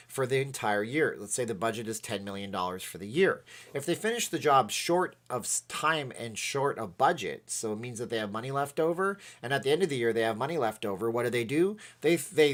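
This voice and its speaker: A man hosts a casual livestream in an ordinary mid-range voice. He talks in a rambling, excitable way, jumping between points and reading out viewers' comments as he goes. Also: medium pitch. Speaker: livestream host. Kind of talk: casual chat.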